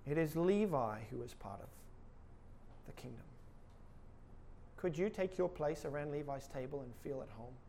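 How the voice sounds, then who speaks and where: A man's voice: a little high, animated, normal speed, pauses often, warm tone, slight background noise. A male pastor preaching a sermon with emphatic delivery and rhetorical questions.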